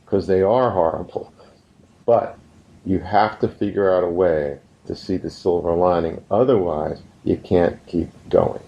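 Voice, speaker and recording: A very low, gravelly male voice delivers a recorded course lesson in an earnest, storytelling way. He slows down to land his points. The sound is a little dull and muffled. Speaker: business course instructor.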